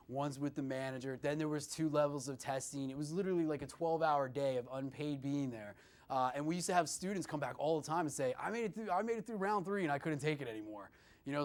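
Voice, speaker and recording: A man with a somewhat high voice coaching students on job interviews. He talks in an animated, conversational way, keeps calling the listeners "guys" and leans on "you know" as he goes. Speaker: career services presenter. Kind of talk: instructional talk to students.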